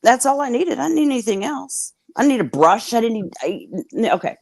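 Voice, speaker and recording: A woman's voice: a little high, very animated, brisk, gravelly, a little mellow, dry recording, clean studio sound. A woman guest telling her story candidly on a video call. She swears freely and acts out the lines of the people in it. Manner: blunt, swears freely, acts out quoted dialogue.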